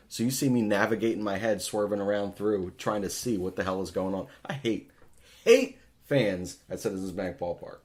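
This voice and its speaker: A man's voice: on the low side, normal speed, darkish tone. A man hosting a podcast, ranting in a profane, exasperated way in casual talk. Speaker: podcast host.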